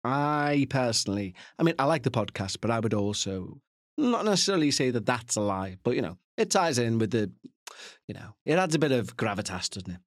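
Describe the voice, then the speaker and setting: A man's voice: medium pitch, big pitch swings, a little fast, dry recording, clean studio sound. A man hosting a podcast, chatting casually and rambling through asides, with the odd swear. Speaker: podcast host. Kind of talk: casual chat to listeners.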